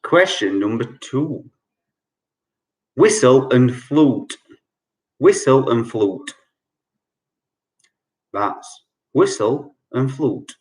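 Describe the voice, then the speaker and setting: A man's voice: mid-range voice, big pitch swings, drawn-out words, pauses often. A man hosting an online quiz night from home over a video call. He repeats each clue several times and explains the answers in a chatty, jokey way. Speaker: quiz host. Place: at home during lockdown.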